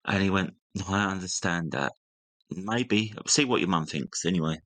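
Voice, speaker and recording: A young man speaks in a low voice, casually recounting a personal story. He animates it by acting out what his relatives said. The recording is close and dry. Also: moderate pace, no room sound. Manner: animated retelling, acting out family members' lines. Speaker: guest.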